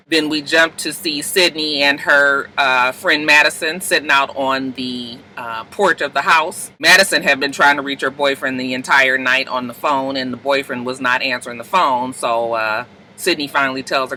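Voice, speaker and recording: Animated man recapping with bright energy. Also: high voice, low-quality recording. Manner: animated, acts out characters' lines in quick voices; profane, laughing asides. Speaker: host recapping TV episodes. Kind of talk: casual recap.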